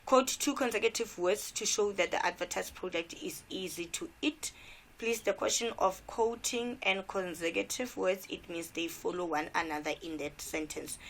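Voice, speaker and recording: A woman's voice: fairly low pitch, normal speed, few pauses. A South African woman teacher giving an exam revision lesson, repeating key points and asking rhetorical questions.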